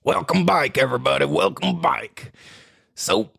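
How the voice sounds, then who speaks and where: Animated, foul-mouthed podcast host man. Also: on the high side, a little slow, creaky, dry recording. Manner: profane, animated, rambling. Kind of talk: casual podcast rant.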